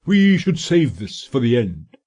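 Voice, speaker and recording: Voicing an audiobook's middle-aged solicitor, a fat, pompous schemer, the man speaks in a drawn-out, sanctimonious way. His pitch is medium but swings widely, and the tone is dark.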